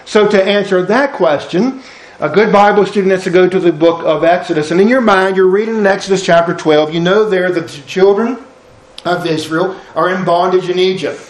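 A man's voice: high voice, fairly quick. A male pastor preaching a sermon, chatty and full of rhetorical questions. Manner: conversational, rhetorical questions, storytelling. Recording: roomy echo.

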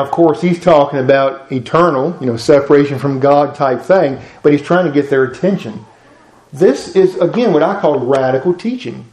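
A man's voice: mid-range voice, a little mellow, reverberant. A man, giving an informal sermon to a class and acting out Bible dialogue in folksy voices. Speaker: pastor teaching a class.

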